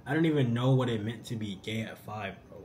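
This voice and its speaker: A young man answering viewer questions in a casual vlog, animated and slangy. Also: fairly low pitch, a little fast, a little hiss or hum. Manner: animated, slangy, says "bro" often.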